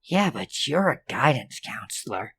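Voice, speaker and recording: A man's voice: medium pitch, very animated, a little slow, pushed and bright, slightly rough, full character voice. A man voicing a frightened teenage girl who swears while she pleads with adults. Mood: teasing.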